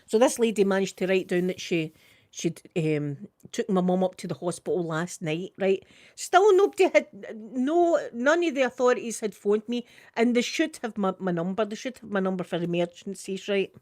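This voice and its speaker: A woman's voice: mid-range voice, animated, normal speed, a little mellow, no room sound. A middle-aged Scottish woman chats away to her live stream, her words tumbling out with plenty of local turns of phrase. Her voice sits in a middle register and sounds close and dry, with no room around it. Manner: chatty, tumbling, full of local idiom. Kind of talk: casual storytelling chat.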